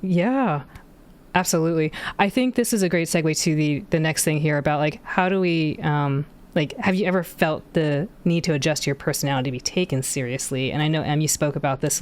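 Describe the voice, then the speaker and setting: A woman moderating a casual panel discussion, quick and friendly as she hands off the questions. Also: sits low, darkish tone.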